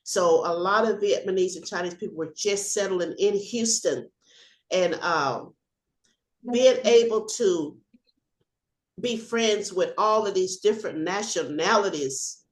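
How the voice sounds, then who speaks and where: An older woman, a former police officer, telling a personal story on a video call, animated and acting out the shouting and laughter. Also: lowish voice, slow pace, echoey room.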